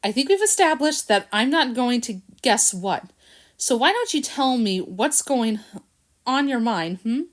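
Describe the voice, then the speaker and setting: A woman's voice: on the high side, expressive, a little slow, pitched above the performer's own voice. Lady reader doing a lazy snooty cat, talks down a bit. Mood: lofty. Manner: drawling, faintly disdainful. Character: lazy, disdainful male cat. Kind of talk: storybook reading.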